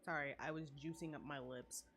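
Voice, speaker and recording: A woman's voice: low-pitched, fairly even intonation, brisk, noisy background. A woman giving casual, profane gameplay commentary in a playful tone. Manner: playful, profane, laughing asides. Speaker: gamer streamer.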